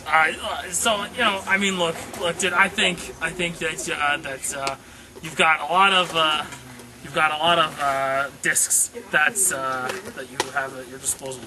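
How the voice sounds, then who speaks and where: A man's voice: on the high side, steady tone, moderate pace, noisy background. Rambling casual man. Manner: casual, rambling, full of fillers. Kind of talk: improvised comedy web series.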